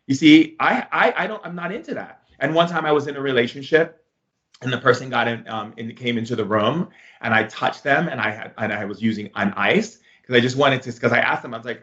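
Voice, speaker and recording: A man talks at an average pitch as a spiritual teacher, rambling casually through fillers and restarts. The recording is dull and lo-fi. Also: normal speed, a bit bright. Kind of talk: casual monologue.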